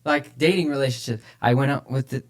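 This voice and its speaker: Speaking fairly quickly at a medium pitch, a church leader co-hosts a podcast about faith. His talk is casual and lively, with phrases often repeated for emphasis.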